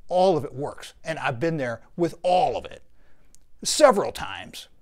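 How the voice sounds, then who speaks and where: A man's voice: a little high, sing-song, measured pace. An older man giving blunt, profane motivational advice to other men in a rant. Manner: blunt, crude, preachy.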